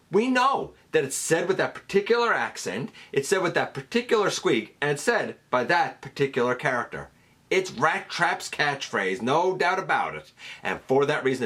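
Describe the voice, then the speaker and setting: A man talks straight to camera as the host of a fan countdown, relaxed and enthusiastic. His pitch leaps around freely as he riffs, full of little fillers and restarts. It sounds like easy, friendly fan commentary. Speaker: host counting down a top ten list.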